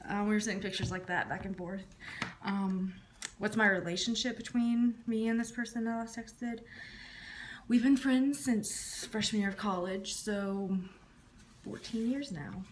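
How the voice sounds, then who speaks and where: Woman in her 30s chatting through a youtube tag video, pretty low-key, voice drops at the ends, a little hiss behind. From Southern United States. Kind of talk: casual tag video answering questions.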